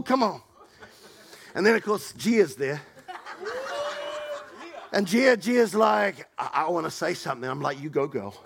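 Middle-aged male pastor, animated storyteller, high and gravelly. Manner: animated, acts out quoted people with raised pitch. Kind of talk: sermon storytelling.

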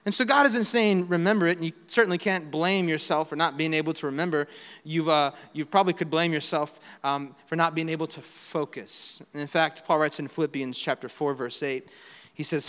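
A man preaching a sermon, folksy and joking, moving from quiet talk to shouting. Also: fairly high pitch, steady tone, brisk, clean tone. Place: church hall. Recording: long hall reverb.

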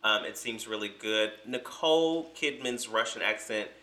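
A man co-hosting a podcast in casual chat, animated and teasing with a sassy edge. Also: on the low side, moderate pace, reverberant. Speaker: podcast co-host.

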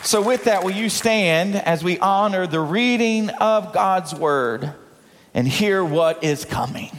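A male pastor delivers his sermon with a strikingly high voice, loud and emphatic. He preaches in a church sanctuary, and his voice carries a long echoing reverb from the hall. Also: a little slow.

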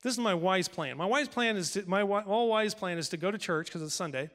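A male pastor telling a personal story in a sermon, acting out conversations with lively shifts of voice. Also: high-pitched, fairly quick, big-room sound. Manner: animated, acts out dialogue with God and his wife.

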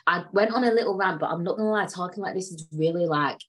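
A woman hosting her own solo podcast who talks in a profane, emphatic way, repeating herself and swinging between loud outbursts and quiet asides. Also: fairly low pitch, fast talker. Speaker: podcast host.

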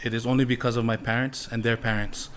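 A man's voice: medium pitch, level tone, fast talker, fairly bright tone, slight background noise. A man from Hawaii, a farmer and father, speaking as a podcast guest in a humble, earnest way and laughing easily. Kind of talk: casual podcast interview.

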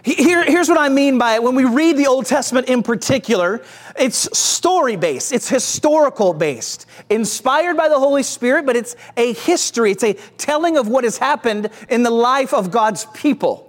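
High-voiced, animated man preaching. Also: normal speed. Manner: energetic, exclamatory, call-and-response. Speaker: pastor. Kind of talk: sermon.

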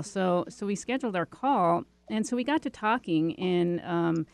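A woman with a lowish voice tells her story in a chatty, rambling way, full of fillers and restarts. The sound is dry and close. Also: animated, moderate pace, creaky, darkish tone, smooth, no echo. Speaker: interview guest. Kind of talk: casual storytelling.

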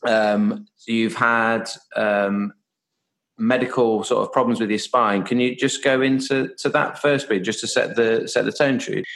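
A man's voice: mid-range voice, fairly even intonation, a little slow, fairly bright tone, low-quality recording. Jokey male podcast host. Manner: jokey, laughs often, many um fillers. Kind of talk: casual podcast chat.

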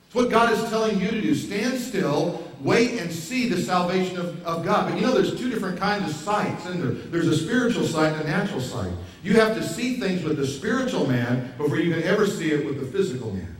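A man's voice: high-pitched, animated, fairly quick, hardly any pauses. A male pastor preaching a sermon, pressing his points with rhetorical questions. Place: church hall. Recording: very echoey hall, mic far off.

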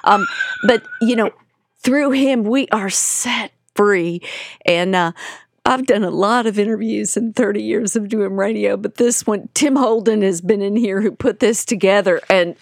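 A woman hosting a radio show, speaking softly and from the heart, sounding deeply moved. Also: a little slow, creaky, no echo, clean studio sound. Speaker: radio host. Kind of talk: radio interview talk.

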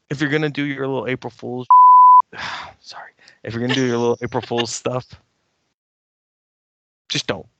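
A man co-hosting a podcast, telling a story in a casual, animated way and getting worked up as he rants. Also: medium pitch, creaky, no echo, lo-fi sound. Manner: animated, ranting storyteller who grows heated. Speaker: podcast co-host and editor.

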